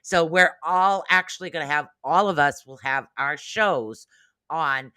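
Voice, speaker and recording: A man's voice: a little high, a little slow, sharp tone, no room sound. A man hosting a casual livestream chat, talking in a rambling, chatty way and drifting off topic. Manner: rambling, chatty, easily sidetracked. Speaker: show host.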